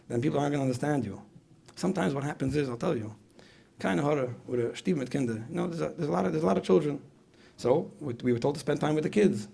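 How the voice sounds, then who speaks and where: Gravelly fast-talking male lecturer. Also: a little high, dark tone. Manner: repeats phrases, asks the audience questions. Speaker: speaker at a parenting retreat. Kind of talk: conversational lecture.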